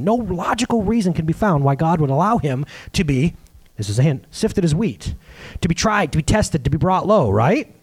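A male pastor preaching a sermon in a casual, animated way, acting out the quotes he reads. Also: fairly high pitch, moderate pace, slightly rough.

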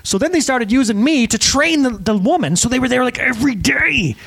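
A man's voice: very high-pitched, a little fast, vocal fry. A middle-aged man preaching a sermon to a congregation, joking and acting out the people in his stories. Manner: animated, joking, acts out quotes. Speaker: pastor. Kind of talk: sermon with storytelling.

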